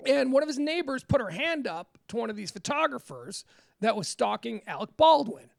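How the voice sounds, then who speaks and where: Creaky-voiced woman hosting talk radio. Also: fairly high pitch, fairly quick, dry recording. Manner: animated storyteller, acts out quotes. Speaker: radio show host. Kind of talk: casual talk radio chat.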